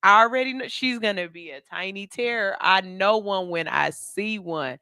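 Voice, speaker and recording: Bright, crisp radio host chatting. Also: male voice, high-pitched, normal speed, no echo, studio quality. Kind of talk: casual morning radio talk. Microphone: studio mic.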